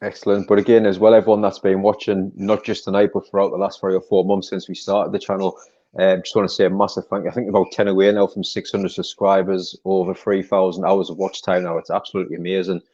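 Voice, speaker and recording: North east english man, deep flat voice, fast talker, dull lo-fi audio. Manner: upbeat, chatty sign-off. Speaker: channel host, interviewer. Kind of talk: casual interview chat.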